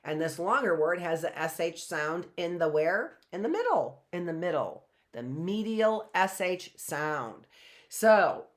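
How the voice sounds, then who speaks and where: Slow, patient woman teaching phonics. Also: lowish voice, fairly bright tone. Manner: patient, repeats words slowly for young learners. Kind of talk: live online phonics lesson.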